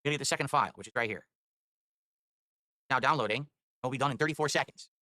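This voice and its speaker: Fast-talking exasperated male streamer. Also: medium pitch, bright, forceful tone, no echo. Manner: exasperated, swearing, rambling. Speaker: livestreamer. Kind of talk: live stream chatter.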